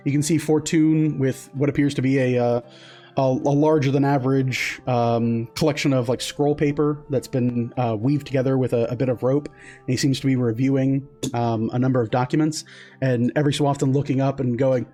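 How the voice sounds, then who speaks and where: A man's voice: medium pitch, fairly even intonation, fairly quick, mellow, soft background music. A man narrating as game master of a tabletop game, casual with lots of fillers and restarts.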